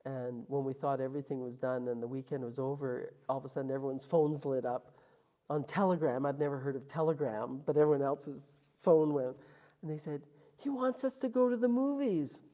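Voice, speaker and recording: A woman's voice: rumbling low, a little fast. A woman from Calgary, a guest in an interview, telling her story casually and acting out the lines of the people in it. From Calgary, Canada. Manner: animated, acts out quoted lines.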